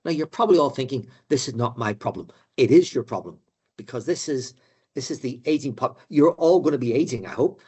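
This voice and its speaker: Older male lecturer with a husky voice and a chatty, halting delivery, for a business course. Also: mid-range voice, animated, mellow. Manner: conversational, many fillers and repeated words. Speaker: economic adviser lecturing finance directors. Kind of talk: live presentation to an audience.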